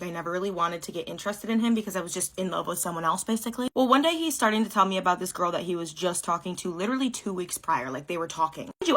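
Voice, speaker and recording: Young woman, storytime vlogger, fast casual delivery, blunt, swears a lot. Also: medium pitch, a bit bright. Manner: blunt, swears, lots of fillers.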